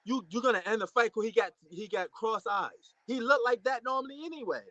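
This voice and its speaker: A man giving a casual, excitable reaction commentary to a boxing match, repeating himself and using slang. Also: very high voice, fairly quick, dry recording, dull audio. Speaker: fight reaction host.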